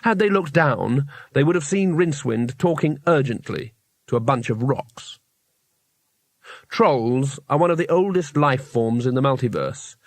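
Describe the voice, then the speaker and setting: A man narrating a comic fantasy novel in a measured, dry storytelling manner. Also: mid-range voice, no room sound. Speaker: audiobook narrator. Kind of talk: scripted narration.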